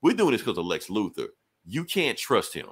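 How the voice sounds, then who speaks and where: A young man co-hosting a podcast, retelling a comic book story in casual chat, acting out characters' lines with swearing and quick asides. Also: lowish voice. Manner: animated storytelling, casual profanity, quick quoted dialogue. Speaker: podcast co-host reviewing comics.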